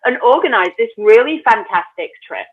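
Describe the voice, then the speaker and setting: A woman's voice: on the high side, animated, normal speed. A woman co-hosting a casual reality TV podcast, candid and sweary, sharing strong opinions. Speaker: podcast co-host. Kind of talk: casual chat. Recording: tinny phone-like line.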